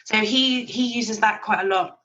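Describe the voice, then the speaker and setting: A woman's voice: fairly high pitch, moderate pace, bright, forceful tone, muffled recording. A woman guest on a podcast, chatting casually and bluntly with mild swearing. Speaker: podcast guest, virtual assistant business owner.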